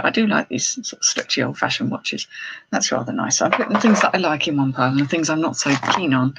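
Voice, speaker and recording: Gravelly middle-aged Englishwoman chatting. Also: deep voice, noisy background. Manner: chatty, exclaiming, thinking aloud. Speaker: jewellery reseller hosting a live haul stream. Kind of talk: casual live-stream unboxing chat.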